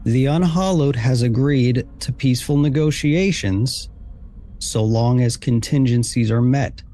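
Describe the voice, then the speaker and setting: A man's voice: medium pitch, mellow, close to an everyday voice. A man doing a grave military commander. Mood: solemn. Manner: measured, solemn.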